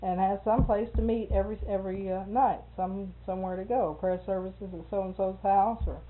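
A middle-aged woman with a drawl talks casually, spinning long, looping stories and breaking into laughter as she goes. Her voice sits at an ordinary middle pitch. The recording is narrow and phone-like. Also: fairly even intonation, moderate pace. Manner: chatty storyteller, laughs often. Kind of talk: casual conversation.

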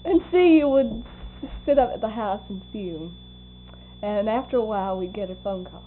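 Older woman, oral history interviewee; chuckling, animated storyteller; lo-fi tape hiss. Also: mid-range voice, normal speed. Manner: laughing, animated storyteller acting out quoted voices. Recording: tinny lo-fi tape with faint hum.

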